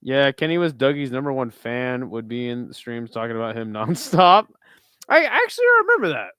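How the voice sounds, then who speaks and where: A man's voice: mid-range voice, normal speed, fairly bright tone, clean tone, no echo, clean studio sound. A man hosting a live watch-party stream, chatting bluntly and profanely and reading chat aloud.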